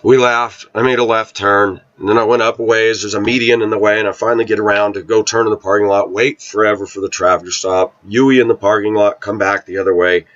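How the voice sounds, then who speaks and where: Man, lowish voice, loose rambling storyteller with throat-clearing, dull home recording. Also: little pitch movement, fast talker, hardly any pauses, a bit bright. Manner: rambling, repeats himself, clears throat often. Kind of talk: casual spoken storytelling.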